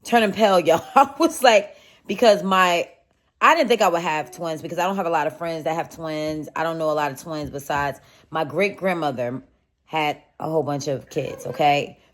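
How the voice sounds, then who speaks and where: A young woman with a low, deep-set voice tells a personal story to her viewers in a relaxed, chatty way. She keeps calling them y'all. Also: moderate pace. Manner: chatty, addresses viewers as y'all, animated retelling. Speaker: vlogger telling a story. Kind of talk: casual storytime.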